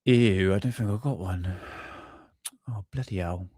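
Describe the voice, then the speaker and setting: A man's voice: low-pitched, measured pace, warm tone, dry recording, studio quality. A man hosting a UFO live stream, rambling casually and swearing while he hunts for videos. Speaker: UFO channel host.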